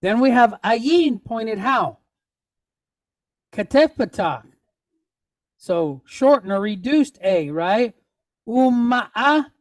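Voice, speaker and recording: A woman's voice: fairly high pitch, expressive, slow pace, pauses often, no room sound. A woman teaching a Hebrew reading lesson, patiently naming each letter and vowel point and checking in with the class as she goes. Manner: checks in with frequent "right?".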